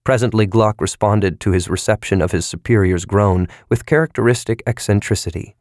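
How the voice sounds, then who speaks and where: Male audiobook narrator, low register, dry studio read, measured and even. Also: no room sound. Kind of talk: scripted narration.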